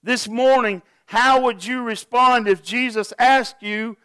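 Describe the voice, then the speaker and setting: A man's voice: extremely high pitch, steady tone, slow pace, sharp tone, smooth, no echo. A pastor preaching a sermon to his congregation, earnest and asking them direct questions.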